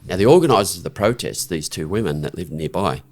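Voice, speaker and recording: Deep, expressive and somewhat dark in tone, this fast-talking middle-aged Australian is a podcast guest telling a story. He speaks frankly and bluntly, restarts often, and keeps asking "right?" conversationally.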